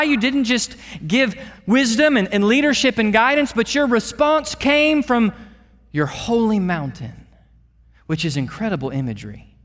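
A pastor delivering an earnest sermon, repeating words and dropping to a hush for emphasis. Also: male voice, very high voice, in a large hall. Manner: earnest, with repeated words and dramatic drops in volume.

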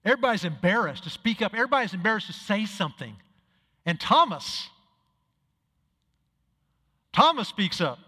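A man's voice: high-pitched, very animated, normal speed, pauses often, bright, forceful tone, breathy edge, big-room sound. A male pastor preaching a sermon, telling stories and acting out the dialogue, building to emphatic peaks. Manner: storytelling, acts out dialogue, rises to emphatic peaks.

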